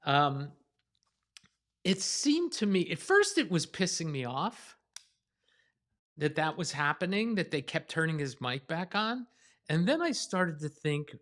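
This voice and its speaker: A man's voice: on the high side, big pitch swings, measured pace, pauses often, fairly bright tone. A middle-aged man co-hosting a podcast, chatting conversationally and thinking aloud. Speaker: podcast co-host. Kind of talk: casual chat.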